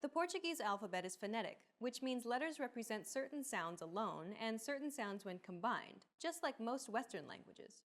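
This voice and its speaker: A woman's voice: a little high, animated, normal speed, few pauses. Woman reading lesson explanations. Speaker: lesson narrator. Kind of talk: scripted lesson narration.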